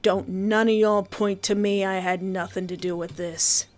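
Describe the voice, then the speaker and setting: A woman's voice: medium pitch, steady tone, unhurried, voice pushed down, natural voice. Woman doing a blunt folksy lady, voice dropped a bit, denying everything. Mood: defensive.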